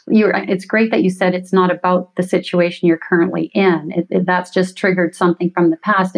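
Earnest woman coach explaining calmly. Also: mid-range voice, low-quality recording. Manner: earnest, explanatory, self-reflective. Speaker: empowerment coach, guest. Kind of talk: conversational interview.

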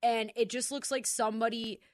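Brief: female radio co-host, slightly high voice, jokey and quick, dry studio sound. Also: level tone, dry recording. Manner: playful, jokey, quick banter. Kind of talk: casual on-air chat.

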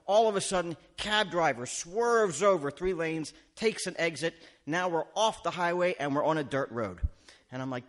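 A male comedian telling a long stand-up story. His voice sits a little high for a man. He is animated and self-mocking, and acts out his own rising panic. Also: brisk.

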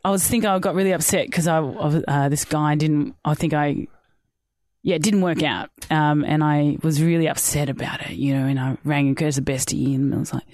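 A woman's voice: sits low, fairly even intonation, a little fast, a little mellow, no room sound, clean studio sound. A woman co-hosting a podcast, telling personal stories in a casual, emphatic way. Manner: emphatic, storytelling, frequent fillers. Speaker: podcast co-host. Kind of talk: casual chat.

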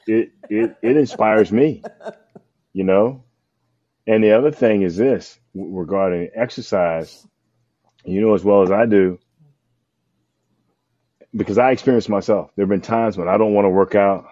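Male trainer host, supportive, very deep mellow voice, dry muffled sound. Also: no echo. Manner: supportive, frequent affirmations, halting restarts. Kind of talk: conversational interview.

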